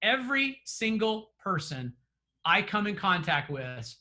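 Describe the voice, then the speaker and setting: A man's voice: sits high, very animated, measured pace, pushed and bright. A man giving earnest, encouraging closing remarks as a real estate trainer over a video call, with frequent fillers and restarts.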